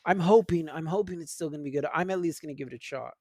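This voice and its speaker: A man co-hosting a casual podcast, talking in an animated way with frequent laughs and restarts. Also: fairly high pitch, quick pace, no room sound, studio quality. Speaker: podcast co-host. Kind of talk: casual chat.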